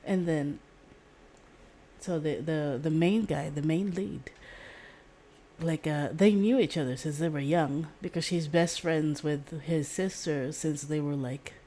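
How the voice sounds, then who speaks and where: A woman's voice: low-pitched, takes it slowly, dark tone. A woman streamer chatting casually, rambling and giggling often, with casual swearing. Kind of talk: casual chat.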